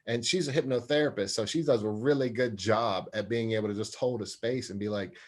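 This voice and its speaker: A man's voice: medium pitch, a little fast, hardly any pauses. A man speaking as an interview guest, an anger management specialist and sports psychologist, talking earnestly and acting out quoted voices. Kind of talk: interview conversation.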